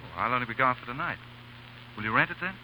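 A man voicing a pampered, prim young heir in a 1930s radio play, fussy and excitable. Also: medium pitch, fast talker, poor audio. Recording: hissy old radio broadcast.

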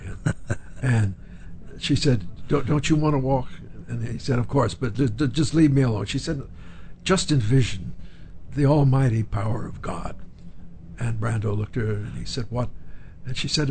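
An older man with a gravelly, fry-laced voice spins anecdotes as an interview guest, slipping into the voices of the people in his stories. A faint hiss sits under the recording. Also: mid-range voice. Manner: acts out quoted voices while telling stories, chuckles. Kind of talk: anecdotal storytelling.

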